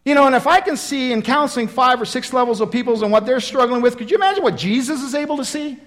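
High-voiced animated male preacher. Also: fast, hardly any pauses. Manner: animated, acts out the Bible dialogue; folksy and conversational. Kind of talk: sermon.

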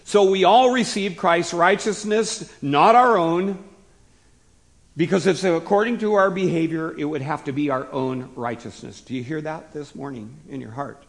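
A hoarse man preaching a sermon as pastor, often putting questions to the listeners and stopping now and then to cough. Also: on the high side, normal speed.

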